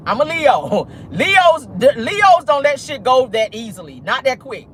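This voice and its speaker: A woman hosting a casual gossip vlog, telling stories in a sassy, animated way while driving. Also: high voice, a little slow, few pauses, a little hiss or hum. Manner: animated, sassy, swearing storyteller. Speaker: host. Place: in a car, driving.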